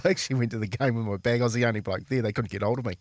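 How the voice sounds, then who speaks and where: A man's voice: mid-range voice, very fast, no room sound. A New Zealand man, a former rugby league player, telling chatty stories on the radio and calling people "mate". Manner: chatty, laughing, says "mate" often. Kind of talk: casual storytelling on radio.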